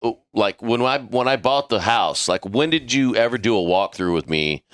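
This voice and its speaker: A man telling a crude, animated story in a casual podcast chat. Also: medium pitch, moderate pace, dry recording, studio quality. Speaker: podcast crew member.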